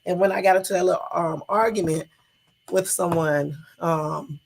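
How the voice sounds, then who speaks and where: A woman's voice: on the low side, moderate pace, creaky, breathy edge. A middle-aged woman hosting a casual livestream chat, rambling and chatty with plenty of swearing, answering viewers' comments as she goes. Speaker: livestream host.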